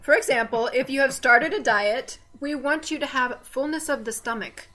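A woman's voice: high-pitched, moderate pace, bright, forceful tone. A woman with a Southern American accent co-hosting a casual faith podcast, chatty and digressive with teasing asides. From Southern United States. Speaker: podcast co-host.

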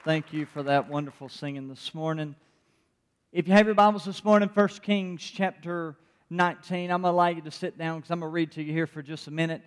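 A man's voice: on the high side, in a large hall. A man pastor delivering a sermon in a church, reading scripture and then preaching with emphatic, rhetorical repetition. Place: church sanctuary.

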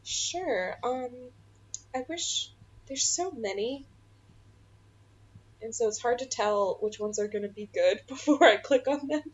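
A woman's voice: on the high side, animated, measured pace, pauses often. Giggly young woman reading memes. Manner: giggly, reads memes aloud. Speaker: podcast co-host. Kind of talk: casual chat. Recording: slightly dull, faint noise.

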